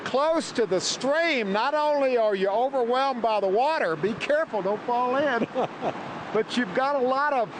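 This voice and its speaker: Male outdoor host, high voice, eager exclamations, slightly out of breath. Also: animated, measured pace, noisy background. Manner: enthusiastic, exclaiming. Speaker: TV travel show host. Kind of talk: on-location interviewing while hiking. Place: outdoors on a high mountain trail.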